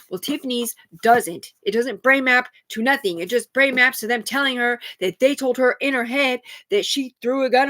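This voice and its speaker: A woman's voice: fairly high pitch, a bit bright. A woman talking alone on a live stream in a rambling, profane, agitated way, jumping from thought to thought.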